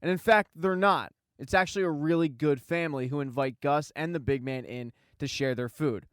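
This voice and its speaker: A man narrating a scripted recap of a show, telling the story briskly and reading quoted lines plainly. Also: on the high side, smooth, no room sound, studio quality. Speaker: recap channel host.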